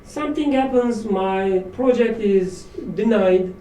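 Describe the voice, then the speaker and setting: A man talks through scripture in a relaxed, thoughtful way and pokes fun at himself as he goes. His voice is soft and mellow. He sits some way off from the mic in an echoey room with a faint hum behind him. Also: sits high, slow. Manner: reflective, self-deprecating with light laughs. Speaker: study circle leader. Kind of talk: informal religious study talk. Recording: roomy echo, distant mic, faint room noise.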